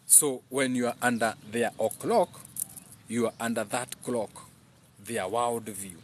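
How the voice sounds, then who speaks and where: Male streamer, mid-pitched, preachy and rambling, chants repeats, faint background hiss. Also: unhurried. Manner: preachy, switches between English and Swahili mid-sentence; repeats phrases in chant-like bursts. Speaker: live stream host. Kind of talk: rambling live-stream monologue reading comments.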